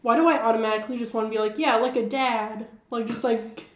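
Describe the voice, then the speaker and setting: A woman's voice: a little high, fairly even intonation, quick pace. A woman co-hosting a podcast in casual chat, giggling often and filling with "like". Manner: giggly, heavy use of "like" fillers. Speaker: podcast co-host. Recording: roomy echoey room.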